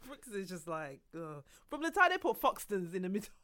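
A young woman, chatting casually with lively exclamations and laughs. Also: mid-range voice, brisk. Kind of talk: casual chat.

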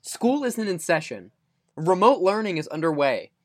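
A young man co-hosting a podcast, teasing his partner in a deadpan, mock-formal way. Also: sits high, normal speed, no echo, studio quality. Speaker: podcast co-host. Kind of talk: casual banter.

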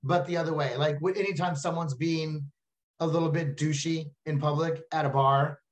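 A man with a Texan accent, a comedian chatting casually and telling animated stories as a podcast guest. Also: on the high side, normal speed. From Texas. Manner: animated storyteller, slips into silly voices.

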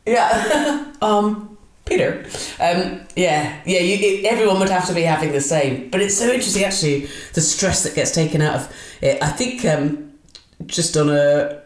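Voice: mid-range voice, normal speed. An interviewer asking questions in a conversational way, attentive, with brief reactions. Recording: echoey room.

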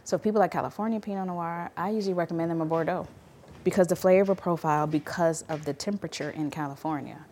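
A woman's voice: lowish voice, fast, a little hiss or hum. A woman from Chicago, a wine consultant, telling stories in a casual vlog and acting out the voices of people in them. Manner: animated, acts out quoted voices.

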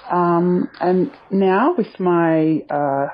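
A woman's voice: on the low side, dull audio, slight background noise. A woman caller leaving a hesitant voice message with an altered voice, full of fillers. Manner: slow, hesitant, many fillers. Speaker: caller confessing a secret. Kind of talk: recorded voice message.

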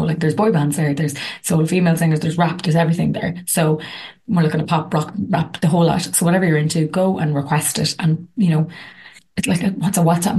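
Low-pitched Irish woman, chatty podcast host who rambles through her sign-off. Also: a little mellow. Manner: chatty, rambling with many fillers. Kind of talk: casual chat.

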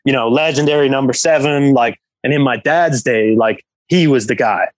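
A man's voice: medium pitch, normal speed, no room sound, poor audio. A man from England, a professional hockey player guesting on a podcast, telling a story in a rambling way full of fillers. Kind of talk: casual storytelling.

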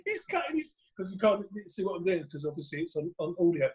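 A man, a guest comedian telling animated stories in casual chat and acting out quotes with laughs. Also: high voice, fast, hardly any pauses.

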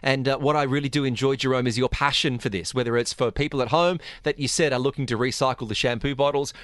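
Quick chatty radio host guy, upbeat, dry studio mic. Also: mid-range voice, fairly even intonation, a bit bright, no echo. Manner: chatty, many fillers, upbeat. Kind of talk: talk radio hosting.

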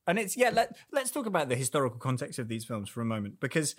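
A man's voice: mid-range voice, sing-song, quick pace, no room sound, clean studio sound. A man hosting a casual film discussion, chatty and playful, prone to tangents.

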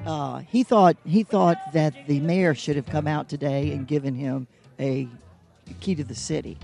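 A man with a slightly high, warm voice and some vocal fry co-hosts a casual live broadcast from an old theater. He's also the honorary mayor, and he chats on-site into a handheld mic, playful, rambling and joking.

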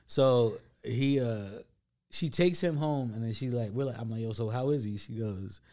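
A man's voice: medium pitch, moderate pace, warm tone. A man, a comedian guest on a podcast, telling a story casually and acting out what people said. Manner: laid-back storytelling, acts out quotes. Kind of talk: casual chat.

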